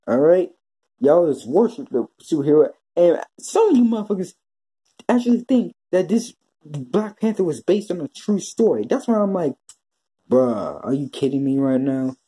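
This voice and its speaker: A vlogger delivers an exasperated, profanity-laced rant, circling back and restarting his sentences as he goes. His voice is very dark and mellow, with a husky, rough edge. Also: mid-range voice, sing-song, moderate pace. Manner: repetitive, with frequent restarts. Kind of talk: ranting commentary vlog.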